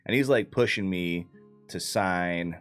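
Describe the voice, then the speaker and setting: Guy with a really low voice going over last session, cusses a lot, faint guitar behind. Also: measured pace. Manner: loose and profane, with frequent fillers. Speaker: player recapping the campaign. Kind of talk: casual recap of a tabletop game.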